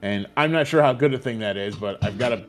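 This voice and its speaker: A man's voice: fairly low pitch, fast, faint music behind. A man playing a tabletop game, stammering and restarting his sentences often. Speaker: player. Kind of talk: casual tabletop play.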